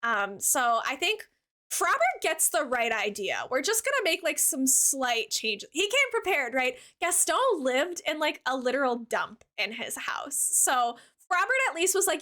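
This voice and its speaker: A bubbly woman streamer chats casually with her viewers while she plays, in a high, bright voice. She is very animated yet unhurried, giggly and full of "like" fillers, and gushes warmly at her chat.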